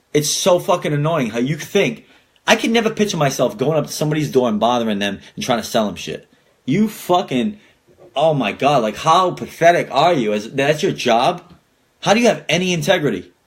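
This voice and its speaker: A man's voice: a little high, breathy edge. A young man hosting a podcast, ranting casually and swearing a lot as he gets worked up. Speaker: podcast host.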